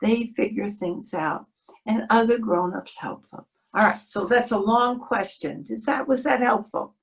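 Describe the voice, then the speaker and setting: A woman's voice: a little high, unhurried, poor audio. A middle-aged woman giving a talk on a video-call webinar, telling stories in a reflective way. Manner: storytelling, warm and reflective. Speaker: child development speaker.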